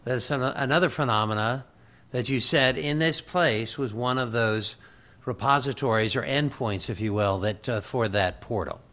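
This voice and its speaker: A man hosting an interview, speaking in a measured way and pausing to search for the right word. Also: medium pitch, fairly bright tone. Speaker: interview host. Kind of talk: conversational interview.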